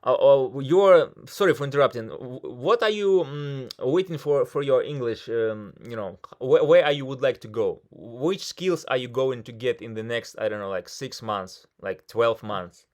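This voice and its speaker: A man with a Russian accent leads an English practice session, chatting energetically at an ordinary pitch. He slips into Russian now and then as he coaches. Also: normal speed, hardly any pauses. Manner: switches into Russian mid-thought, energetic and chatty. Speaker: English conversation club host. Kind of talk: casual coaching chat.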